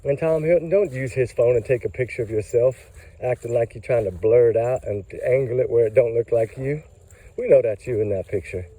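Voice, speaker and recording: A man's voice: mid-range voice, fairly quick, dark tone, poor audio. A man, out of breath and tired, ranting angrily in casual commentary about a case. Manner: heated, ranting, emphatic. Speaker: true crime commentator.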